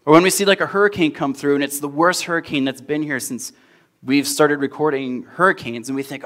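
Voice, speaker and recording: A young adult man preaching a sermon as pastor, in a conversational storytelling manner that grows animated in anecdotes. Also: a little high, brisk.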